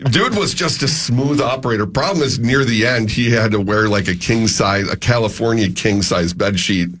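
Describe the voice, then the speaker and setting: A man's voice: on the low side, a bit bright, slight background noise. A man cohosting a sports radio show, riffing and telling jokes in casual banter. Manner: jokey, quick riffing storyteller.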